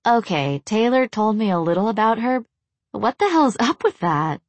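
A woman's voice: medium pitch, big pitch swings, moderate pace, no room sound, pitched above the performer's own voice, natural voice. A woman reading a sassy young party guest in a perky, teasing voice.

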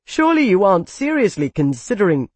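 A haughty young nobleman, as the audiobook narrator performs him, shrill and pitched well above the storyteller's own voice. He bristles with indignation and spits his words out hissing. The sound is dry and close. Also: big pitch swings, a little fast, darkish tone, slightly rough, no room sound. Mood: outraged. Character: arrogant haughty young male noble lord.

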